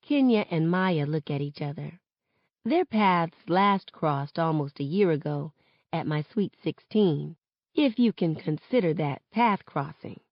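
Woman reading a book aloud, lowish voice, dry and kinda muffled. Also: unhurried, no echo. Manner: steady first-person narration. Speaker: reader.

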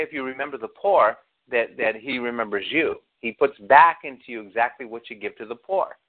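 A man preaching a sermon as pastor, telling stories and acting out quotes while asking the congregation questions. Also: medium pitch. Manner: storytelling, acts out quotes, asks the congregation questions. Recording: tinny phone-like sound.

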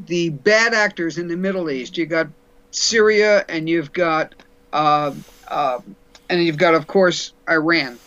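Blunt, high-voiced man on dull radio audio. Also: a bit bright. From New York. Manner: folksy, blunt and sarcastic, with stumbling restarts. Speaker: guest commentator. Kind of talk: radio talk commentary.

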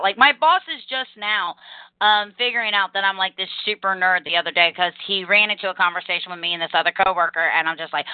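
A young adult woman hosting a casual podcast, talking in fast energetic rambles and acting out quotes. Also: medium pitch, no room sound. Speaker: podcast host. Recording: tinny phone-line call audio.

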